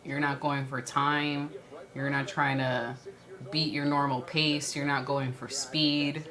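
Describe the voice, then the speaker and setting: A woman's voice: low-pitched, flat delivery, slow, a crowd in the background. A woman with a light Brooklyn accent co-hosting a livestream, chatting casually and answering viewer questions. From New York. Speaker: stream co-host.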